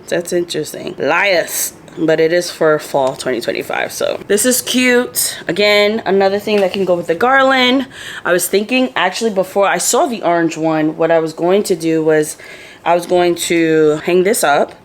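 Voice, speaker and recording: A woman's voice: lowish voice, moderate pace, slight background noise. A young woman from Florida chatting casually to her viewers as she shows off a haul of finds. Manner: chatty, animated, talks to viewers directly. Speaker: lifestyle vlogger.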